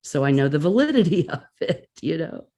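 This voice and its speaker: Woman telling a story on a talk show, lively, acts out what she said back then. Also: sits low, brisk. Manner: animated, acts out her own reactions. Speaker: guest. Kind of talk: casual storytelling.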